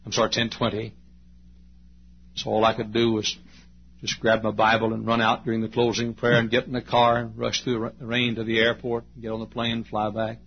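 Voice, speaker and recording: A man in his late fifties preaching a storytelling sermon in a church, swinging between loud passages and hushed ones as he tells the story. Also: on the low side, monotone, fairly quick, vocal fry, slight background noise. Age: late 50s. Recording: dull lo-fi sermon recording.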